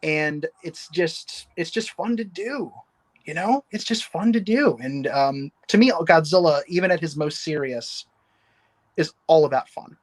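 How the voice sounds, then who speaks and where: A man guesting on a casual livestream chat. He has a slightly high voice and talks with eager enthusiasm, circling back and restarting his sentences as he goes. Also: measured pace. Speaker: guest, novelist.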